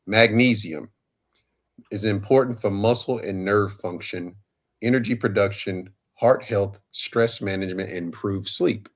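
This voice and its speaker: A man's voice: on the low side, unhurried. A man co-hosting a casual relationship talk show, chatty and loose, often restarting his sentences. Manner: chatty, loose, repeats himself mid-sentence. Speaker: co-host.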